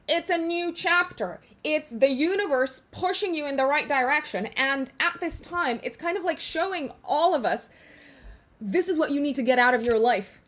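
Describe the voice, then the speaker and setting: Chatty high-voiced woman astrologer. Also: fairly bright tone. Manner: chatty, frequent fillers and restarts, laughs at herself. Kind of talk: casual monologue to viewers.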